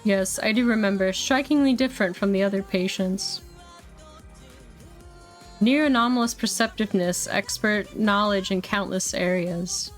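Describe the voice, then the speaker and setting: A woman voicing a calm, precise hospital staff member in a game, speaking in a measured, clinical way. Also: mid-range voice, soft background music, natural voice. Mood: recollecting.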